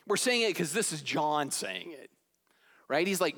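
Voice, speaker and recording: A male pastor delivers a lively sermon in a high voice, joking and acting out voices with sudden leaps in pitch. His words ring with the long reverb of a large hall. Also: unhurried. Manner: animated, jokey, acts out quotes with big pitch jumps.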